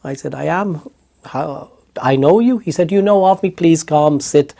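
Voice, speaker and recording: A middle-aged Irish man, a therapist, recounting a personal story in an interview with lively restarts. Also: on the high side, moderate pace, gravelly. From Ireland. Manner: animated storytelling with hesitant restarts. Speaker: guest, therapist.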